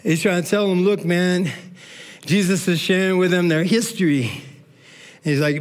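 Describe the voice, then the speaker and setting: Middle-aged pastor guy preaching loose and fired up, high voice, keeps saying man. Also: moderate pace, pauses often. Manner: energetic, informal, says "man" often. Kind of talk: sermon.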